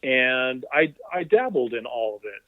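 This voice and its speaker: A man's voice: medium pitch, a little slow, no room sound. Man on a tinny phone line. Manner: animated anecdotal storyteller, quotes people in voices. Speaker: physical therapist guest. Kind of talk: conversational interview storytelling.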